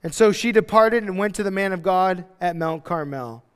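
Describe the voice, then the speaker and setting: A man's voice: high-pitched, moderate pace, smooth, in a large hall. A man preaching a verse-by-verse sermon as a pastor, chatty and conversational, acting out the people he quotes. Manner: conversational, acts out quotes in voices. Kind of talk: expository sermon. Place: church hall.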